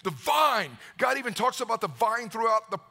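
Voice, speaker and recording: A man's voice: very high-pitched, big pitch swings, moderate pace, vocal fry, bright, forceful tone, soft background music. A man preaching a sermon in a fervent way, often stumbling into repeated restarts as he builds up.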